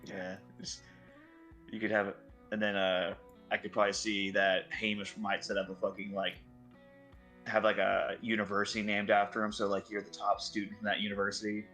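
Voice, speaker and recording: A man's voice: fairly low pitch, little pitch movement, normal speed, pushed and bright, faint music behind. A man chatting casually as a tabletop game player, rambling with lots of fillers and swearing. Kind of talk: casual chat.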